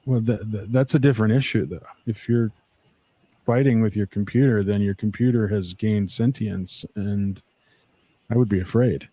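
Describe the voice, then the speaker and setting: A man's voice: fairly low pitch, fairly even intonation, moderate pace, mellow, no room sound. A man co-hosting a casual livestream, making dry jokes while reading chat. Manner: dry, joking. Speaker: co-host.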